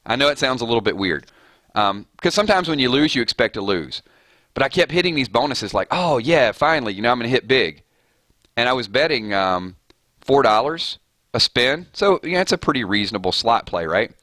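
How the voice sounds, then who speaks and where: A man's voice: medium pitch, very animated, fairly quick, pushed and bright, dry recording. A man streaming a mobile game, chatting casually with his viewers in a fired-up, rambling way and laughing often. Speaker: gaming streamer. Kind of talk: casual live-stream chat.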